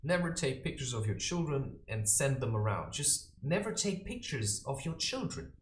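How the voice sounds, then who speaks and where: A man's voice: mid-range voice, moderate pace, slight background noise. A man vlogging in a rambling, provocative monologue, ranting animatedly from a bare room indoors. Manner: animated, provocative, ranting, often laughing at himself. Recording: echoey room.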